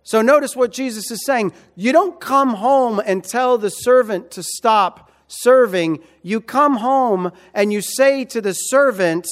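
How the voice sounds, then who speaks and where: A man's voice: high-pitched, unhurried. A man preaching a sermon, repeating key phrases and asking emphatic rhetorical questions. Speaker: pastor.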